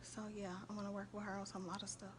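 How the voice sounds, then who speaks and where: A faint background hum sits under this animated host as she chats with her live-stream viewers at a quick pace, calling out names and laughing a lot. Her voice is warm and lively at a middle pitch.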